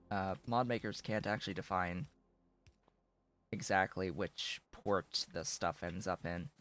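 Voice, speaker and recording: A man's voice: fairly low pitch, fairly bright tone. A man streaming a factory-building game, mumbling casual commentary to himself while his voice is going. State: losing his voice.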